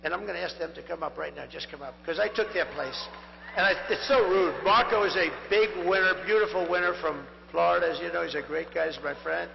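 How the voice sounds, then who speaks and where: Hoarse older man, rambling rally speech. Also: fairly high pitch, fast talker. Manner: rambling, repetitive and digressive. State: hoarse, strained voice. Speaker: political candidate. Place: large rally venue. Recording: echoey lo-fi venue sound with mains hum.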